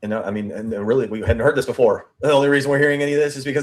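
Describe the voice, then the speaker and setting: A man's voice: medium pitch, little pitch movement. A man hosting a true crime show, analyzing an interview statement line by line, thinking aloud and repeating phrases as he goes. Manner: thinking aloud, repeats and restarts phrases, pace shifting between slow and rushed. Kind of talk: statement analysis commentary, reading quotes aloud.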